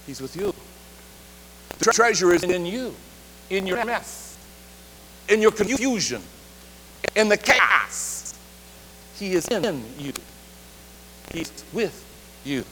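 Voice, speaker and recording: A man preaching a sermon, leading the congregation in call-and-response and shifting between loud and quiet delivery. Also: high-pitched, animated, slow pace, long pauses. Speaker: pastor. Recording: reverberant hall, faint hum.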